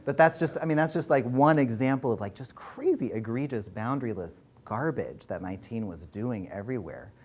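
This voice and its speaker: Male workshop coach, mid-pitched, frank and animated, swears casually, faint low rumble under the mic. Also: normal speed, few pauses. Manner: frank and animated, swears freely, laughs while telling stories. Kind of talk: candid workshop storytelling. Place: workshop room.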